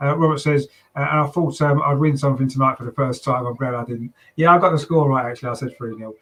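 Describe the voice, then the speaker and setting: A man from London with a southern English accent hosts a live fan watchalong, commentating on a match and reading out chat comments. He is chatty, with lots of ums and tag questions, speaking quickly in a mid-range, fairly bright voice with fairly even intonation, on a low-quality recording.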